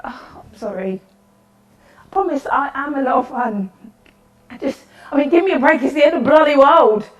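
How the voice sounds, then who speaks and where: A woman's voice: high-pitched, normal speed, pauses often, lightly acted. A woman performing a lonely, chatty woman at the end of the world in a solo interactive theatre monologue, rambling and apologetic. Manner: rambling, apologetic, nervously cheerful. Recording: echoey room, voice from far off.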